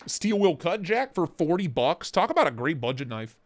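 Excitable, cussing livestream host. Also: male voice, fairly high pitch, moderate pace. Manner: excitable, profane, slangy. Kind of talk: casual livestream chat.

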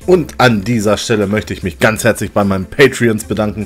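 A man, a let's player, giving a casual video outro in a relaxed way, thanking his viewers. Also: on the low side, brisk, breathy edge, faint music behind.

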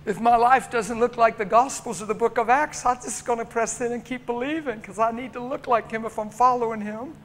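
A man's voice: very high-pitched, steady tone, a little fast, hardly any pauses, a little hiss or hum. A male preacher telling stories in an impassioned sermon, often breaking into laughter. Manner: impassioned storytelling with frequent laughter.

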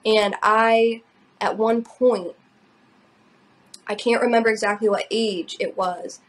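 A woman's voice: a little high, steady tone, slow pace. A young adult woman co-hosting a podcast, telling a personal story in casual chat, emotional and rambling with many fillers. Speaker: podcast co-host.

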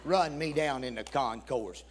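A man's voice: mid-range voice, measured pace. A man preaching a storytelling sermon in a church, folksy and humorous, acting out both sides of a conversation. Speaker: guest preacher. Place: church sanctuary.

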